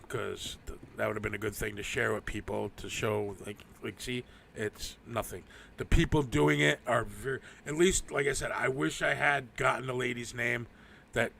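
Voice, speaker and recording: A man's voice: mid-range voice, vocal fry, fairly bright tone, slight background noise. A man hosting a live stream, rambling through a casual, profane rant and laughing often. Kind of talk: casual ranting monologue.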